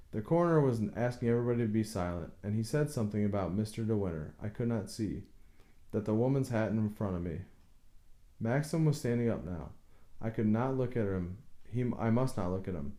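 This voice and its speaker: A man narrating a novel in the first person, in a hushed, anxious inner voice. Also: on the low side, expressive, normal speed. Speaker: audiobook narrator.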